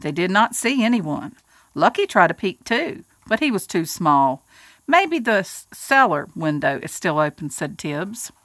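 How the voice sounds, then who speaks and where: A woman's voice: on the low side, sing-song, unhurried, a bit bright, no room sound. A woman reading a children's picture book aloud, doing voices for the characters and adding little asides to her listeners. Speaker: storybook reader.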